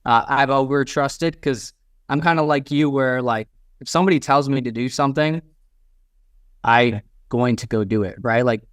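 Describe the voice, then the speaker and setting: A man's voice: medium pitch, normal speed, clean tone, no room sound, clean studio sound. A man hosting a casual business interview, talking bluntly, cursing now and then, and acting out what people say. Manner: blunt, swears casually, quotes people in little acted lines. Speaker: podcast host.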